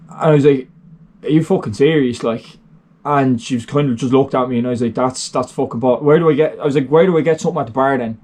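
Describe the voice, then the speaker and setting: A man's voice: mid-range voice, steady tone, fast, darkish tone. A young Irish man telling a story in a casual, rambling way, full of fillers and swearing. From Ireland. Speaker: vlogger.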